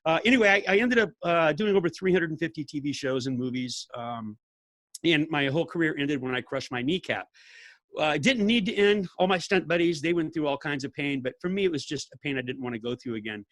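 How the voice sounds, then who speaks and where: An older man, a podcast guest telling stories in an animated way, laughing and acting out what people said. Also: a little high, a little fast, dry recording. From California. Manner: animated storyteller, laughs often, acts out quotes. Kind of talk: casual storytelling interview.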